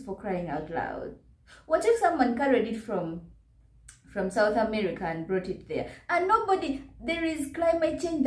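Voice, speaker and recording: A vlogger with a Ugandan English accent delivers an indignant reaction commentary packed with rhetorical questions. Her voice is high-pitched with a darkish tone, and the room sounds echoey.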